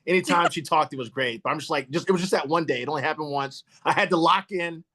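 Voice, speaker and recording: A man from Virginia hosting a podcast over a video call, chatting casually, teasing and restarting his sentences. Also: a little high. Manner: animated, teasing, quick restarts and stammers. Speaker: podcast host.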